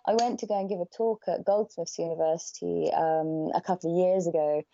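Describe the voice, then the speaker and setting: A woman's voice: fairly low pitch, steady tone, a little fast, vocal fry, dark tone. A woman talking as a podcast guest, blunt and swearing freely, often laughing. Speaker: podcast guest, charity worker. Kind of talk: casual podcast conversation. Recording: slightly dull podcast audio.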